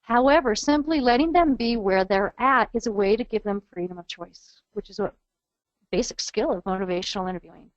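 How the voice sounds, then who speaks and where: A woman's voice: mid-range voice, a little fast, dry recording. Woman coaching over dull webinar audio. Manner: earnest, coaching, models phrases aloud. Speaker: trainer. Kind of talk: webinar training lecture.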